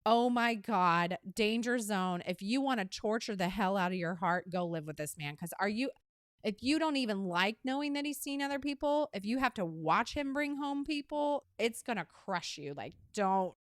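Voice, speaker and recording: A woman from Missouri hosts a dating advice podcast, her voice smooth and clear in a dry, close-miked sound. She gives candid, emphatic advice in a casual chat and sometimes teases her co-host. Her pitch sits in an ordinary middle range. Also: animated, normal speed, dry recording.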